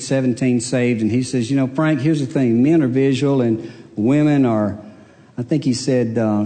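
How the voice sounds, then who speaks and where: A pastor with a warm, mid-range voice gives a humorous sermon like a folksy storyteller, laughing along at his own jokes. Long hall reverb fills the recording.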